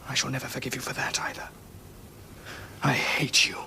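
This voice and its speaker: A young man plays a bitter young Roman prince, wounded and reproachful toward his father. His voice sits on the higher side. A faint hiss runs under the television recording. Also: brisk, fairly bright tone, close to an everyday voice. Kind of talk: television period drama acting.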